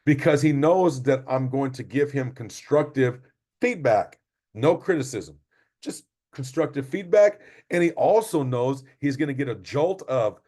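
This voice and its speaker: Middle-aged male coach, mid-pitch voice, emphatic and repetitive motivational delivery. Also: normal speed, darkish tone. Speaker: basketball coach. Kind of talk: parent training presentation.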